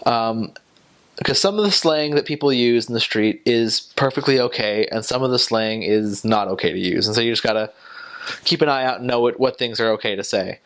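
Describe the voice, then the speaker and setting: A young man talking casually about his time as a missionary, rambling and hesitant, with many fillers and restarts. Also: medium pitch. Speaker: returned missionary.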